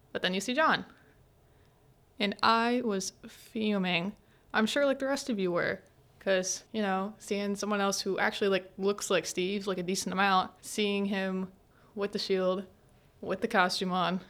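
A young woman hosting a student podcast, retelling scenes in a chatty, animated way with lots of filler words and acted-out quotes. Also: medium pitch, fairly quick. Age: young adult. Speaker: podcast host. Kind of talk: casual solo podcast recap.

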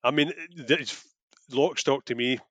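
Easygoing man, mid-pitched voice. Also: unhurried, fairly bright tone, no room sound. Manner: easygoing, laughs often, chips in with trivia. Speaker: podcast co-host. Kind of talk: casual chat recapping a film.

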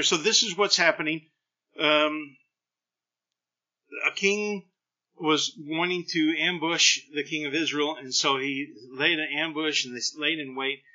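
A middle-aged man preaches with a very bright, forceful voice that sits a little high. He tells scripture stories with animated energy and voices the people in them. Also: muffled recording. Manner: animated storytelling preacher, acts out scripture lines. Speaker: pastor. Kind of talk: sermon.

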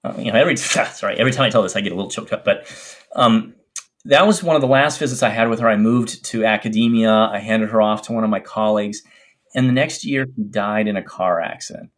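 A middle-aged man, a doctor, telling a personal story in an interview in an earnest, reflective, halting way. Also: lowish voice. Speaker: infectious disease doctor.

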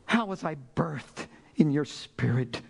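An older man preaching a fervent sermon, dropping to hushed murmurs and rising to loud pleas. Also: a little high, expressive, takes it slowly, creaky.

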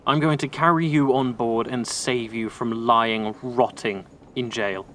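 A woman's voice: rumbling low, fairly even intonation, measured pace, a bit bright, a little hiss or hum, voice pushed down. Woman doing a ruthless sea captain. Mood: brutal. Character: ruthless naval captain, cold and scheming.

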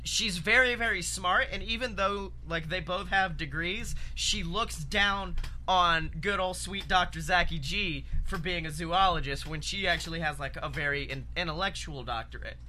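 A man co-hosting a comedy podcast, pitching an absurd story in an excitable, rambling way with heavy swearing. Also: normal speed, slight background noise. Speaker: podcast co-host.

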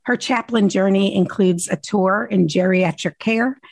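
A woman's voice: medium pitch, unhurried, vocal fry, breathy edge, no room sound. A woman co-hosting a podcast, chatting casually and supporting her co-host, then introducing a guest.

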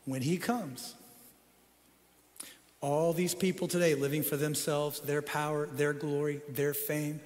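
A middle-aged male pastor with a high voice delivers a sermon, sinking to soft, low passages and then climbing to excited peaks. His voice carries a long reverb tail through a church sanctuary. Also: unhurried. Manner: dynamic preaching, swinging from soft low tones to excited peaks.

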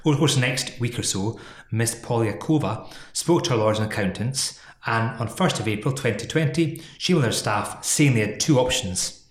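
A man's voice: mid-range voice, brisk, roomy sound. A man co-hosting a casual chat about an employment law case, teasing his partner and laughing often. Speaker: podcast co-host.

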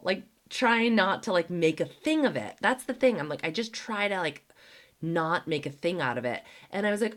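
Woman podcast host, very low voice, chatty, casual storytelling, lots of "like" fillers. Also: expressive, brisk. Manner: chatty, heavy use of "like", acts out quoted dialogue.

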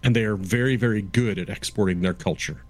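Halting man in his fifties. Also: fairly low pitch. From Canada. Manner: halting, explanatory, lecturing with frequent restarts. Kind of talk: casual chat.

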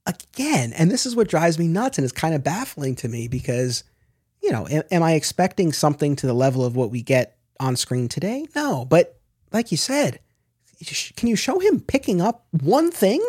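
A man hosting a podcast in a casual discussion. He talks in an animated way and often restarts and corrects himself mid-sentence. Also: fairly high pitch, moderate pace, breathy edge, dry recording, studio quality. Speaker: podcast host.

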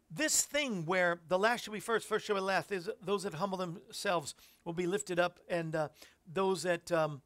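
Male Christian radio host, rough gravelly voice, loose musing scripture commentary. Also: high voice, a bit bright. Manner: reflective, rambling preaching with fillers.

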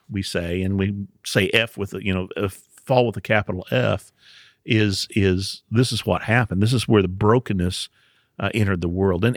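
A man's voice: on the low side, dry recording. Man, podcast host, casual Bible teaching, explanatory, chuckles, dry sound. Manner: explanatory, chuckles often, restarts.

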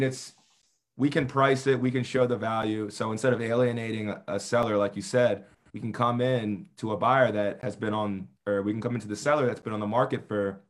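A real estate agent talking business casually over a video call, with frequent restarts. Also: male voice, on the low side. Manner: conversational, hesitant restarts.

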